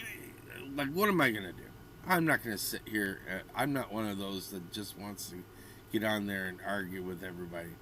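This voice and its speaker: A man's voice: lowish voice, fairly bright tone, slight background noise. A man in his fifties ranting bluntly and ramblingly as a vlogger. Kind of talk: ranting commentary.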